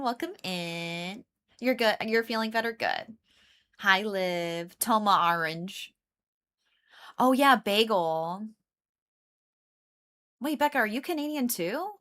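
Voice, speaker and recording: Slow, bright-voiced chatty woman streamer. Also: on the high side. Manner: chatty, laughs often, greets and answers chat; rambling, many "like" fillers. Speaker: live streamer. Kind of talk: casual live-stream chat with viewers.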